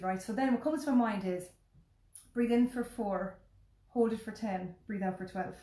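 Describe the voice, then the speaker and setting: An Irish woman talks fast and freely, telling a story with lots of "like" and a few curse words thrown in. Her voice sits at a middling pitch for a woman. The room around her adds a noticeable echo. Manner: animated, chatty, peppered with swearing and "like". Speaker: podcast host. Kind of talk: casual storytelling chat. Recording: roomy echo.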